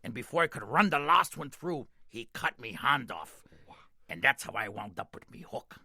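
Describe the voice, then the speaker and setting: A man's voice: medium pitch, very animated, normal speed, creaky, bright, forceful tone, husky, no echo, clean studio sound, heavily acted. A man voicing a boastful old pirate in a joke, with a hearty, exaggerated delivery.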